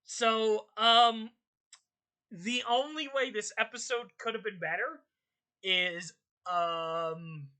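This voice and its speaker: A young woman hosting her channel, ranting in casual commentary, exasperated and swearing, her voice jumping high in outbursts. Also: slow, sharp tone. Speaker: channel host.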